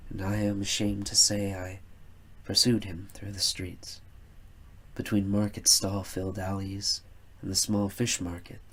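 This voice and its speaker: A man narrating a first-person story in a measured, reflective way. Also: fairly low pitch, breathy edge.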